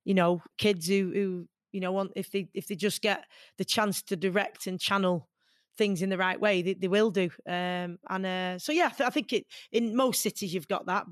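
A woman in her forties with a Mancunian accent, from Manchester, talking as an interview guest in an earnest, animated way. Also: medium pitch, no room sound, studio quality. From Manchester, England. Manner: earnest and animated, many fillers. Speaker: guest, boxer. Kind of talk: conversational interview.

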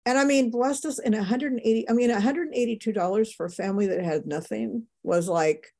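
An older woman, a show guest, giving an emotional, animated personal testimony. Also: on the high side, a little fast.

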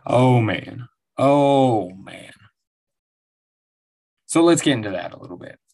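A man's voice: mid-range voice, animated, takes it slowly, vocal fry, a little mellow, husky. A man in his forties hosting his own show, telling stories in a rambling, profane monologue and laughing often. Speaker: podcast host. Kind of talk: casual monologue. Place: at home.

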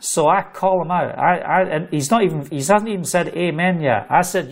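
Fervent middle-aged preacher, slightly high voice. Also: male voice, moderate pace, creaky, few pauses. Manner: fervent, storytelling, repeats phrases for emphasis. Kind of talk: livestreamed sermon.

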